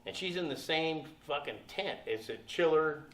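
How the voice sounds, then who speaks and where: A man's voice: fairly high pitch, expressive, normal speed, fairly bright tone. Older man, storytelling on a convention panel, profane, laughing, echoey room, far from the mic. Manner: profane, laughing, acts out the people in his story. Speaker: guest actor at a convention panel. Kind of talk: anecdotal storytelling to an audience.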